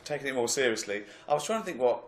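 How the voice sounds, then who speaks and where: A man's voice: mid-range voice, expressive, racing, echoey room, slight background noise. A man hosting a comic podcast, joking, laughing a lot and slipping into mock voices. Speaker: podcast host.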